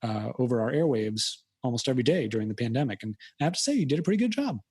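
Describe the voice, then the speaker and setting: Animated, slightly husky-voiced American man. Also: medium pitch, very fast. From United States. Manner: animated, acts out quoted voices, long-winded. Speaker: podcast guest. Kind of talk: casual conversational interview. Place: Fairfield County, Connecticut.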